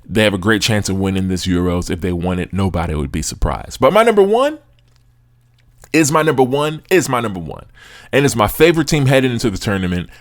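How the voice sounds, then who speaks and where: A man's voice: low-pitched, quick pace, no room sound, clean studio sound. A young American man hosting a sports podcast, talking casually and with animation, with slang and frequent laughs. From United States. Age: young adult. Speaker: podcast host.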